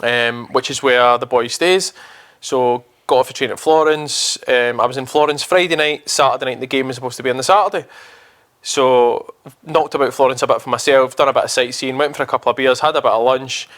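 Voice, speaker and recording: A man's voice: mid-range voice, steady tone, a little fast, a bit bright. A young Scottish man with a Scottish accent, co-hosting a podcast and rambling through a travel story with casual swearing. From Scotland. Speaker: podcast co-host.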